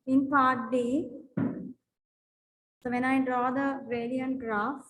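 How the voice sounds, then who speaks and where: High-voiced woman teaching a maths class. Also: level tone, drawn-out words, fairly bright tone, low-quality recording. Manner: checks often whether students follow; repetitive, with many fillers and restarts. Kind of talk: classroom lesson explaining graphs.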